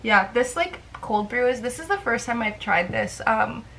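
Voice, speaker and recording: A woman's voice: fairly high pitch, animated, moderate pace, creaky, a bit bright, slight background noise, rough recording. A young woman chatting casually to camera in a rambling, self-deprecating way, with lots of fillers. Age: young adult. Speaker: vlogger.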